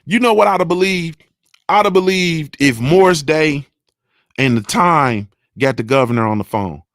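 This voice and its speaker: A man's voice: fairly high pitch, a bit bright, dry recording, studio quality. A man hosting a morning show, ranting about politics in an emphatic, profane way and often asking if listeners understand. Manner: emphatic, profane, keeps asking "you understand what I'm saying?". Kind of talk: unscripted political rant.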